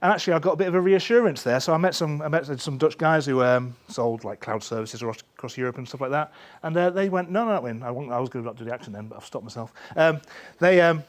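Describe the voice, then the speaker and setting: A man's voice: fairly high pitch, fast talker. A man with a Northern English accent giving a rambling, self-deprecating lightning talk full of fillers and restarts. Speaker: conference speaker.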